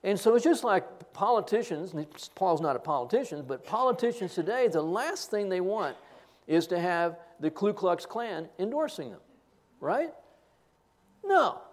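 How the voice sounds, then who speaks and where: A man's voice: sits high, a little mellow. An older man preaching a sermon, asking rhetorical questions and telling self-deprecating stories with humor. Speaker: pastor.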